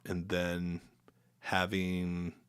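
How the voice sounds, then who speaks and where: Middle-aged american guy telling band stories, low voice, dead dry sound. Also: drawn-out words, clear, resonant tone, no room sound. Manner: animated storyteller, acts out quotes with sudden loud jumps. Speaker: guest, band vocalist. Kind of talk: casual storytelling chat.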